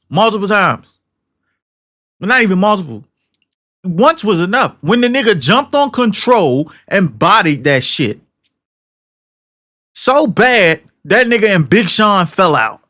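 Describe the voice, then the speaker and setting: A man's voice: high voice, bright, forceful tone. A young man co-hosting a podcast, ranting in a heated, profane, slangy and rambling way. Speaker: podcast co-host. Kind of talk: casual podcast rant.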